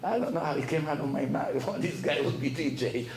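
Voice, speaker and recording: A man giving a Torah lecture as a lively storyteller who laughs at his own tales. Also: on the high side, brisk, a little hiss or hum. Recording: echoey room with faint ambience.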